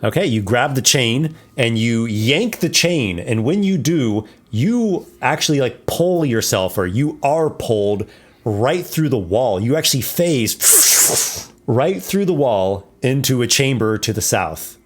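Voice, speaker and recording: A man acting as game master, describing a dungeon room in a relaxed, descriptive way with frequent small restarts. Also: mid-range voice, unhurried. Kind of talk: narrating a tabletop game.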